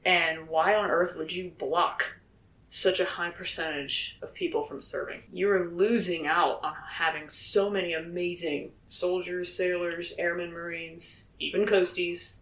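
A man's voice: high-pitched, steady tone, normal speed, fairly bright tone. A young man, a soldier, talking candidly and earnestly about his life, swearing freely and laughing between thoughts. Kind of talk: candid personal vlog. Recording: roomy echo.

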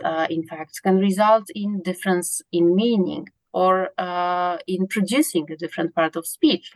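A woman's voice: fairly low pitch, a little mellow, no room sound. A woman researcher answering interview questions in a hesitant way, with many fillers and restarts. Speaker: guest, pronunciation researcher.

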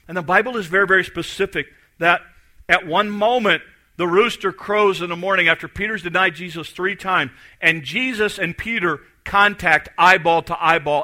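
A middle-aged man preaching a sermon with a very bright, ringing voice pitched a little high. He tells the story lively, acting out the people in it, and sinks to a soft, low tone on the words that matter. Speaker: pastor.

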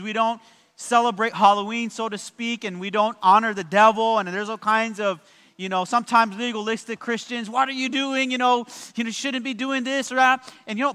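A pastor preaching a lively sermon to his congregation, joking and adding many asides. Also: sits high, clean tone. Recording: long church hall reverb.

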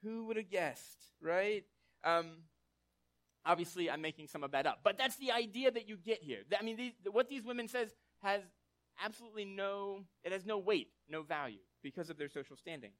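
High-voiced man preaching conversationally. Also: fast. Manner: conversational, tag questions like "right?"; animated storytelling with acted quotes. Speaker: pastor. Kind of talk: sermon.

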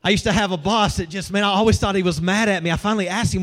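High-voiced preacher with a lilt. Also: male voice, fairly even intonation, rapid-fire, few pauses, a bit bright. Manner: conversational, humorous, engages the congregation. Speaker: pastor. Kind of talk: sermon.

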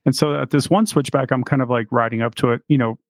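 This fast-talking Chicago podcast co-host has a steady, mid-range voice, recorded without room sound. He keeps the conversation loose and rambling, laughing a lot and leaning on fillers.

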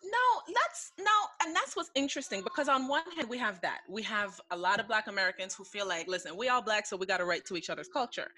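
A woman's voice: medium pitch, big pitch swings, quick pace, few pauses, sharp tone, poor audio. A woman from the Caribbean hosting a casual podcast chat, talking in an emphatic, opinionated way. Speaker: podcast host.

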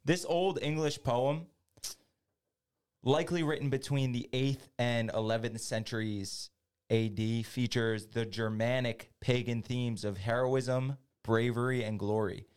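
Podcast co-host, smooth clear man's voice, reads trivia questions aloud. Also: medium pitch, steady tone, measured pace, a little mellow. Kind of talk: casual podcast chat.

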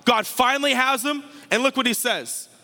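A man's voice: extremely high pitch, moderate pace, pushed and bright, big-room sound. A man preaching a sermon as pastor, building intensity through repeated phrases.

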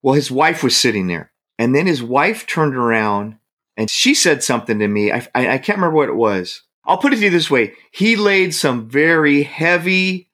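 Animated man telling a story, slightly high. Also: normal speed. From San Francisco Bay Area. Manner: animated, laughing, acts out quotes. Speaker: guest. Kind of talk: casual storytelling.

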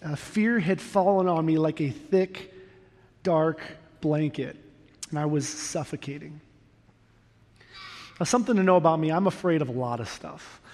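A man's voice: a little high, moderate pace, pauses often, a little mellow. A middle-aged man preaching a sermon, telling a personal story candidly and earnestly, with self-deprecating humor. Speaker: pastor. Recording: long reverb of a large hall.

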